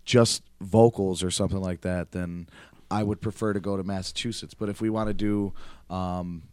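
A man's voice: sits low, steady tone, moderate pace, darkish tone, smooth, dry recording. A man talking as a guest musician in a casual interview. He speaks earnestly and eagerly, often restarting his sentences. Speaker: musician guest, band member.

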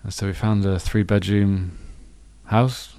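A man's voice: on the low side, steady tone, unhurried, gravelly, mellow. A man co-hosting a podcast in casual chat, rambling and correcting himself as he goes. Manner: rambling, self-correcting, chatty. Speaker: podcast co-host.

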